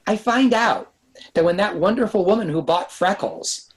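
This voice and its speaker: A man talking as a guest in a casual podcast interview, telling quick, lively anecdotes about making films. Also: high voice, poor audio. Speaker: guest screenwriter and director. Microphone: podcast microphone.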